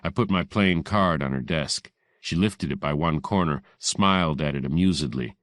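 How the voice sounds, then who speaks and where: Deep-voiced male audiobook narrator. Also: normal speed, fairly bright tone, no room sound, clean studio sound. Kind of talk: first-person hardboiled narration.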